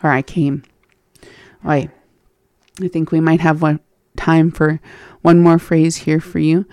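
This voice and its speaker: Language lesson host, gravelly, slow, repeats phrases piece by piece, dry close sound. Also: medium pitch, little pitch movement, a little mellow, no echo. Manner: repeats phrases slowly and breaks them into parts, then gives the meaning. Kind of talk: teaching phrases by slow repetition.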